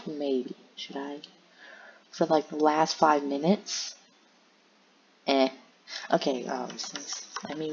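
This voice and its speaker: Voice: medium pitch, fairly even intonation, slow, vocal fry, pauses often. A gameplay commentator rambling and muttering to themself while browsing game servers. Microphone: home headset or desk mic. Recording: dull lo-fi mic with faint hiss.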